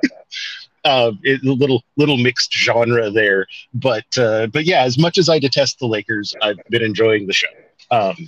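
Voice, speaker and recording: A man's voice: medium pitch, moderate pace, fairly bright tone, no room sound. A man co-hosting a podcast in casual chat, rambling and correcting himself as he goes, with some mild swearing. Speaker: podcast co-host. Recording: dull, dry home-mic sound.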